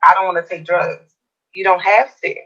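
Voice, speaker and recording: A woman's voice: on the low side, steady tone, normal speed, pushed and bright, muffled recording. A woman co-host earnestly explaining her views in a talk show discussion.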